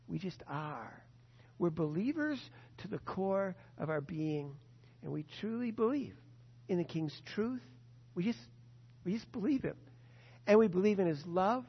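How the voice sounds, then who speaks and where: Male preacher, high-pitched, earnest and repetitive sermon delivery; dull lo-fi capture. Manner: earnest, repetitive, swings between hushed and emphatic. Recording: dull lo-fi sound with long reverb in a large hall.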